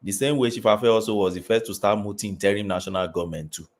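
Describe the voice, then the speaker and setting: A man with a Nigerian accent on a live call-in debate, building his argument point by point in a measured way. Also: lowish voice.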